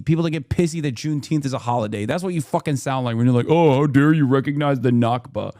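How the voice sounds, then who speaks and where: Male streamer, sarcastic ranter, pitch sits a touch high; jumps loud when mocking. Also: dry recording, clean studio sound. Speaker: streamer reacting to clips. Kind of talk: casual profane commentary.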